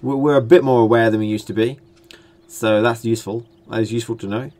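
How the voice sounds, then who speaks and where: A man's voice: mid-range voice, steady tone, fast, a little mellow, slight background noise. A young British man, a gaming channel host, giving rambling, jokey let's-play commentary while he builds in a game. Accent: British English. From Britain.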